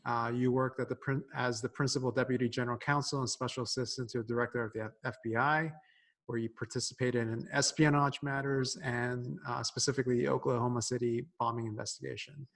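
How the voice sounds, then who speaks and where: A man's voice: medium pitch, little pitch movement, fast talker, gravelly, fairly bright tone. A man hosting a podcast, asking his guest a question with light fillers. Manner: attentive, with brief affirmations and laughs. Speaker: podcast host. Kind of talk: interview.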